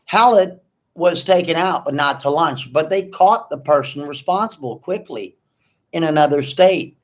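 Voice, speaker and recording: Speaking at normal speed with a fairly high voice, a man hosting an online livestream confrontationally rants at a rival who isn't there, mocking and accusing him with lots of repetition.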